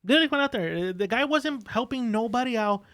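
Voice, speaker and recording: A man's voice: very high-pitched, lively intonation, quick pace, fairly bright tone. A man telling profane stories in casual podcast chat, acting out what people said. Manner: profane storytelling, acts out quotes. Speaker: guest.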